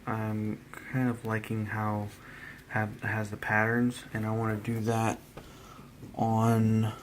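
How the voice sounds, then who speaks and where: A tired man narrating a casual hobby painting vlog, halting and rambling as he trails off mid-thought. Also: lowish voice, completely flat delivery, a little hiss or hum. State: tired, yawning.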